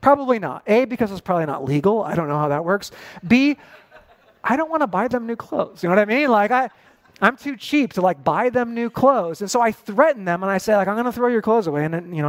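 A man in his forties preaching a sermon in a conversational, animated way with casual asides. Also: high-pitched, brisk. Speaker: pastor.

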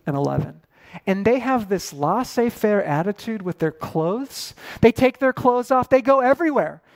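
A man in his forties preaching a sermon in a conversational, animated way with casual asides. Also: high voice. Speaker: pastor.

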